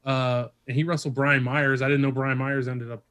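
A man's voice: mid-range voice, moderate pace. Rambling, filler-heavy podcast host, a man. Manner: rambling, many fillers, lively when excited. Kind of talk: casual chat.

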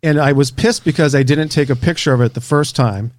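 A man, an author and researcher, telling a story in a casual interview, animated and casually swearing. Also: on the high side, a little fast, no echo.

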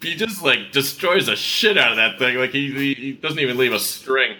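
Man, podcast co-host, very bright voice, rambling jokey banter. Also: medium pitch, expressive, moderate pace. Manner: rambling, self-interrupting, jokey. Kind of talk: casual banter.

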